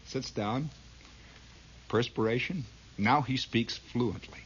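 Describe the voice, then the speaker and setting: Male comic monologuist, rambling and animated, husky, on dull lo-fi old tape. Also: medium pitch, unhurried, long pauses. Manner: rambling, laughing at his own tale. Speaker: comedian.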